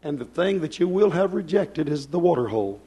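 Fervent preacher man, shouting and hushing. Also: on the high side, expressive, a little fast, breathy edge. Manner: fervent, swinging from shouts to hushed asides. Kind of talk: Pentecostal-style sermon. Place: church service.

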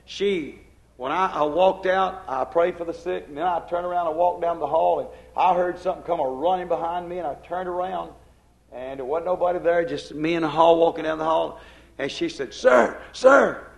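A man's voice: fairly high pitch, fairly even intonation, a little fast, gravelly. An older man preaching a sermon, emphatic, with a rising and falling preaching cadence.

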